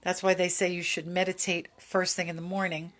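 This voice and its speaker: A woman's voice: lowish voice, flat delivery, brisk, a bit bright. Chatty woman hosting a self-help talk. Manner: earnest, rambling, many fillers and restarts. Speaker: podcast host.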